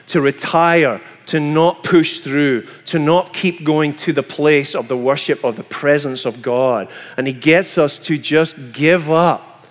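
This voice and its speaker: A man preaching a sermon as pastor, animated and acting out quoted voices. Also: a little high, long reverb tail.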